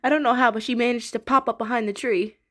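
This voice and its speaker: A woman's voice: a little high, steady tone, quick pace. A young woman casually reviewing a cartoon episode, chatty and giggly, with many fillers and restarts.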